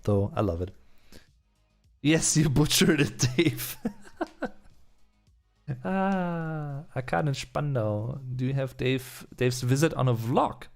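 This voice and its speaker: German man, live-stream Q&A host, chatty and casual, mid-pitched, soft music in the background. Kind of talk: live-stream Q&A, reading out chat comments.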